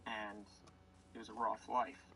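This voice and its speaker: A man telling a rambling, absurd comic story in a deadpan way, jumping into sudden voices. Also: fairly low pitch, a little slow, gravelly, heavy background noise. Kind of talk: comedic storytelling.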